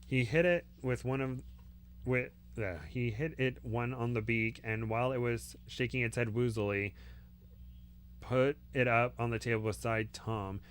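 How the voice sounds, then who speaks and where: A man reading a novel aloud in a steady way, with small slips and restarts. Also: mid-range voice, measured pace, clean tone. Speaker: reader.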